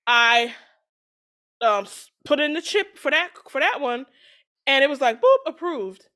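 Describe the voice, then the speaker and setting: A woman co-hosting a casual chat, retelling a story with lively acted-out quotes and frequent laughter. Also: sits high, a little slow. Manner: animated storytelling, acts out quoted voices, laughs often. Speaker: podcast co-host retelling a story.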